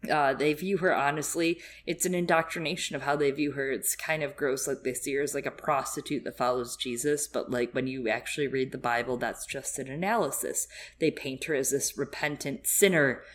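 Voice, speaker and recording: A woman with a low voice talks casually and at length about a book. She rambles and fills her sentences with asides and fillers. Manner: chatty, rambling, many fillers. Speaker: podcast co-host.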